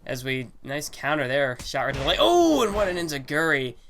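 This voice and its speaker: A man's voice: a little high, wildly swooping pitch, brisk, fairly bright tone, a little hiss or hum. A young man giving casual, rambling commentary on a wrestling video game, full of fillers and self-corrections. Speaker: gaming channel host. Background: game music.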